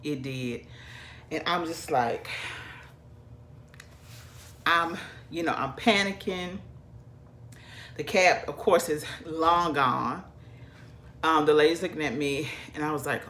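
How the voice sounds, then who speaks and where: A woman's voice: low-pitched, slow, long pauses, a bit bright, slight background noise. A woman from the South, chatting animatedly to her viewers as she tells a personal story. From American South. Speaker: vlogger. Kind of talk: casual storytelling.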